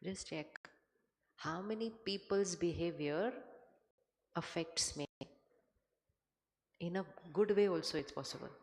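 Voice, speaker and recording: A woman giving a spiritual talk to a live audience, measured and conversational, often putting questions to the listeners. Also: on the low side, a little mellow, a little hiss or hum. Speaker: spiritual speaker. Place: large hall with an audience. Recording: hall reverb from a stage mic.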